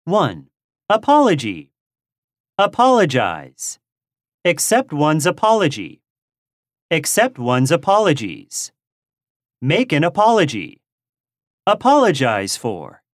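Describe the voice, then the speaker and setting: A woman reads English lesson phrases slowly and carefully. Her voice sits low and moves a lot in pitch. The sound is dry and close. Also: no echo. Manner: slow, careful, expressive reading of drill phrases. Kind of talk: slow, clearly read language-lesson phrases.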